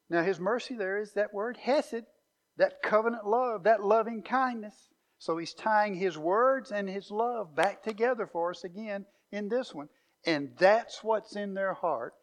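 Male pastor, high-pitched, emphatic sermon delivery. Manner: emphatic Bible teaching, rising to loud declarations. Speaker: preacher.

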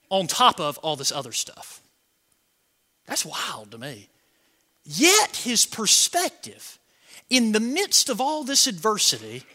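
Bright high-voiced preacher. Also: male voice. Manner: animated, joking preacher with swings from soft to shouted. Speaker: pastor. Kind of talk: sermon.

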